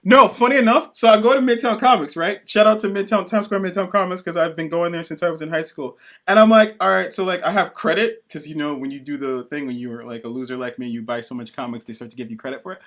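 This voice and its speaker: A man co-hosting a podcast, reviewing comics in excited, profane casual chat and acting out characters in quick bits. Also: on the high side. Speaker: podcast co-host.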